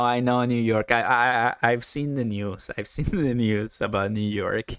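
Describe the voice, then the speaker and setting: A man hosting a casual live stream, chatting excitedly, laughing often and answering viewer comments. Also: medium pitch, unhurried, smooth, dry recording.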